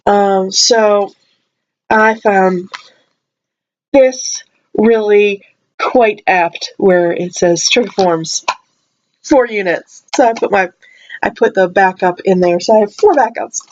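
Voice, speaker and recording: A woman chats her way through a haul video at home, unhurried and rambly, circling back and restarting her sentences. She may be coming down with a cold. The sound is dull and lo-fi. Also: mid-range voice. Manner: rambly, chatty, lots of restarts and asides; playful voices when quoting herself. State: possible cold. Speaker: vlogger.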